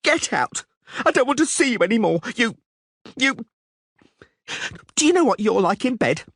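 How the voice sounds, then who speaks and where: A man's voice: very high-pitched, big pitch swings, fairly bright tone, no room sound, studio quality, voice pushed up, heavily acted. A man doing a shrieking furious woman. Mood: screaming furious. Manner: screaming, drawn-out insults. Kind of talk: audiobook character voice.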